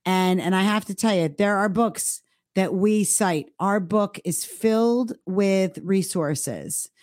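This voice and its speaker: A woman co-hosting a podcast, talking casually and stressing her main points by slowing down on key words. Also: medium pitch, darkish tone, no echo, clean studio sound. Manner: emphatic, stresses key words with slowed delivery. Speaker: podcast co-host.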